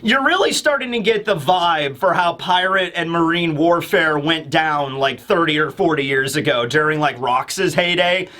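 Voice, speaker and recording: Excitable rambling man, bright voice. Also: a little high, moderate pace, hardly any pauses. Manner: excitable, rambling, lots of fillers. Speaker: manga review host. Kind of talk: casual video commentary.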